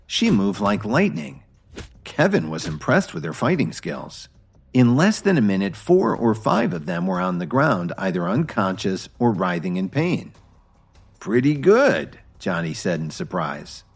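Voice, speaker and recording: A man narrating a story in scripted, animated style. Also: on the low side, normal speed, creaky, breathy edge. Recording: faint background music.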